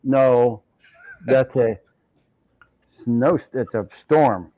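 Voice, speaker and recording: A man hosting a casual online video chat in a relaxed, agreeable way, often murmuring along while others talk. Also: mid-range voice, very slow, dry recording, lo-fi sound. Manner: relaxed, agreeable, fills gaps with mm-hmm. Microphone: video call mic.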